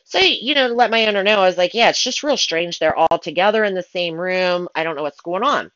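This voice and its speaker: A woman telling stories from her work as a pet sitter in a casual, animated way, acting out her own panicked thoughts. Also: on the low side, brisk, no room sound, muffled recording. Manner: animated, dramatic retelling with excited asides. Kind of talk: casual storytelling.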